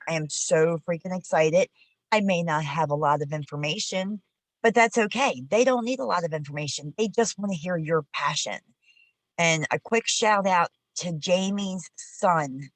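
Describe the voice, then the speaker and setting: Woman, middle-aged, low pitch, chatty, emotional, dry close sound, team video chat. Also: dry recording, low-quality recording. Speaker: co-host.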